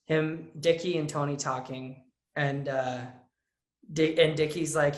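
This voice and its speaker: A teenage boy talks with earnest, lively energy. His voice sits a little high for a male speaker, and the room around him has a noticeable echo. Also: unhurried. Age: teens. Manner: earnest, lively, acts out quotes with a raised voice. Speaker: young actor, interview guest. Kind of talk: casual interview answers.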